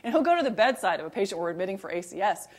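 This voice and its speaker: A woman's voice: mid-range voice, big pitch swings, rapid-fire, darkish tone. Middle-aged woman, medical lecturer, mid-range voice, conversational, emphatic, rhetorical questions, repeats key points. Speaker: emergency medicine professor giving a lecture. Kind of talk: recorded continuing-education lecture.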